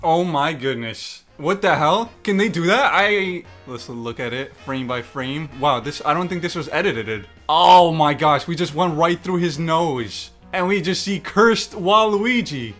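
A young man reacting to memes in casual commentary, excitable and mock-exasperated, swearing and laughing often. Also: a little high, unhurried, few pauses. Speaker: YouTube meme reactor. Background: faint background music.

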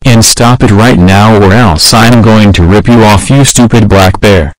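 A man's voice: on the low side, unhurried, no room sound, natural voice. A man voicing a furious cartoon horse. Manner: yells threats and insults in short flat sentences. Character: angry male horse, hot-tempered and insulting.

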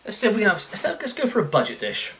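A man playing a motion-control cooking game, out of breath, swearing and shouting at the controls as he commentates. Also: sits high, huge pitch swings, fast talker, a little hiss or hum. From United Kingdom. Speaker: gaming YouTuber. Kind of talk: let's play commentary. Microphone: facecam with desk mic. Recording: game music playing behind the voice. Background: game music.

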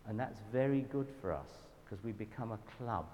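A man with a Southern English accent giving a church talk, telling anecdotes in a lively, self-deprecating way. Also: on the low side, moderate pace, lo-fi sound. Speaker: guest speaker at a church event. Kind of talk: storytelling sermon talk. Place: church hall. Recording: reverberant hall with faint background noise.

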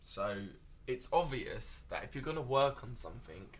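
A man, a dating coach telling animated stories in a casual podcast chat. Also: medium pitch, normal speed. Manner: animated anecdotes with acted-out quotes.

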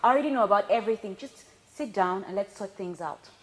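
An actress with a Nigerian accent playing a wife who firmly tries to calm a confrontation in a film drama. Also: female voice, medium pitch, fast talker, slight background noise, natural voice, rough recording. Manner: calming, firm. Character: calm wife trying to settle dispute.

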